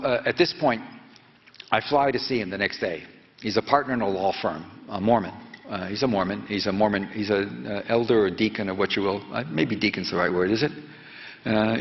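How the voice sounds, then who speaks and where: A man in his seventies, a reporter telling a story and quizzing students in a lecture hall, halting and full of fillers. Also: on the low side. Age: 70s. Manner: prods the audience with quick questions. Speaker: reporter giving a talk to students. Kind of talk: lecture storytelling with audience questions. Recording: echoey hall, dull lo-fi sound.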